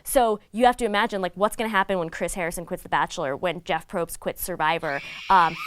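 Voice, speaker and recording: A woman's voice: fairly low pitch, a little fast, few pauses, fairly bright tone, slight background noise. A woman chatting casually as a commentator, opinionated and loose, with lots of "like" and "you know". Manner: chatty and opinionated, with frequent fillers. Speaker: guest commentator on reality TV. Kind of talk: casual chat.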